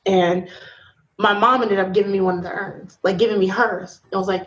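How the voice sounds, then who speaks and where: A woman guest in a casual talk about faith, telling stories in a slangy, lively way with frequent laughter. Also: mid-range voice, fairly quick. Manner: animated storytelling with laughs. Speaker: podcast guest. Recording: dull lo-fi sound.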